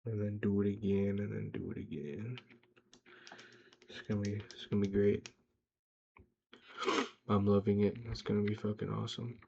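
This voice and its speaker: A man's voice: on the low side, little pitch movement, moderate pace, gravelly, long pauses, mellow, breathy edge. A young man rambling through a casual, profane, self-hyping motivational monologue for his vlog, talking to himself in a car. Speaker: vlogger. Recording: dull lo-fi sound.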